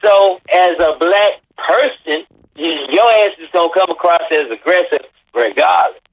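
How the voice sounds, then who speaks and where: A man hosting a podcast, arguing loudly and insistently with plenty of swearing. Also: fairly high pitch, normal speed. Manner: loud, profane, insistent. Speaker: podcast host. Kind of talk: heated casual debate. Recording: dull lo-fi audio.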